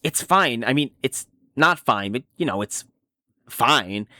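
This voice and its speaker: A man voicing a cynical, washed-up middle-aged male horse in a fan dub of an animated series, talking in a sardonic, rambling, self-deprecating way. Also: mid-range voice, slow pace, no echo, clean studio sound, heavily acted. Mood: bitter.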